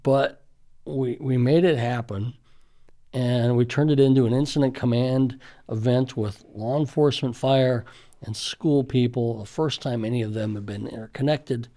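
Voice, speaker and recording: Gravelly-voiced man telling stories. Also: mid-range voice, steady tone, normal speed, dark tone. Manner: earnest, reminiscing, with frequent fillers. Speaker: school safety official. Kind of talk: conversational storytelling.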